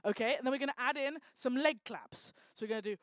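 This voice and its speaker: A woman doing lively, teasing crowd work on a live talk stage, speaking into a handheld microphone. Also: high voice. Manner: energetic, teasing, bossy and quick to joke. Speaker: stage performer working the crowd.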